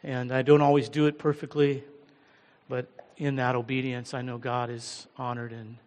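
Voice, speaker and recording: A middle-aged American man preaching as a guest pastor, humble and halting, with many fillers. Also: mid-range voice, flat delivery, darkish tone. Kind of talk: sermon. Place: large church hall. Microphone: handheld or headset mic. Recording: long church hall reverb.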